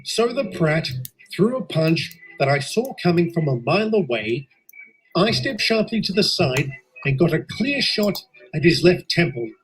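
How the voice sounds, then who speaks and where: A man's voice: high-pitched, rough recording. A man playing a stern station master. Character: stern male station master, proud and tough.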